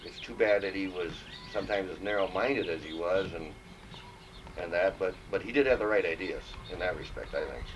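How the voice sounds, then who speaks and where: A man casually telling profane, animated stories about his old police dispatching days. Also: sits low, a little fast. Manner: profane, animated anecdotes with acted quotes. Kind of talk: casual storytelling among old friends. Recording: distant mic, noisy home recording.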